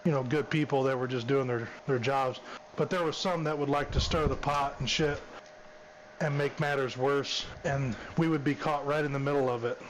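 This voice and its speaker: A man's voice: mid-range voice, steady tone, moderate pace, slight background noise, poor audio. A man, a former police officer, casually telling a story, drawling and repeating "I said" and "she's like".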